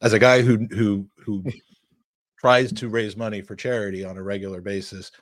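A man's voice: fairly low pitch, steady tone, normal speed, no echo, clean studio sound. A man hosting a podcast, reading listener questions and praising his co-host with enthusiasm. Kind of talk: casual podcast chat.

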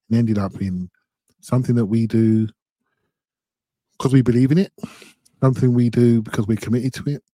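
Low mellow-voiced man telling a story. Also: dry recording. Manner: storytelling, earnest. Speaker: podcast co-host. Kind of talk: casual podcast chat.

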